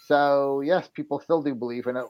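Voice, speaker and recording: A man's voice: medium pitch, fairly even intonation, moderate pace, lo-fi sound. A man in casual podcast chat, speaking in a hesitant, thoughtful way with many fillers.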